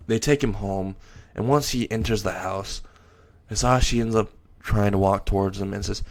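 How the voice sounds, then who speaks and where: Low gravelly male storyteller. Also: steady tone, normal speed. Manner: casual, blunt, crude wording. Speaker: fan story narrator. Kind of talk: improvised fan story narration.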